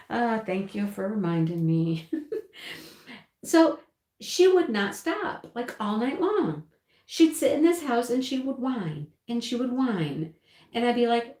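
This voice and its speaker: A woman hosting a home livestream, chatting casually and telling a rambling, animated story with frequent laughs while she crafts. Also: a little high, takes it slowly, pauses often. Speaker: livestream host. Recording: roomy echo.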